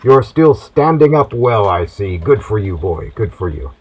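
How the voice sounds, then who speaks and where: A man voicing a gruff, fatherly old sea captain who talks to his cabin boy in a folksy, patronizing way. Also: on the low side, big pitch swings, measured pace, a little mellow, exaggerated voice, poor audio.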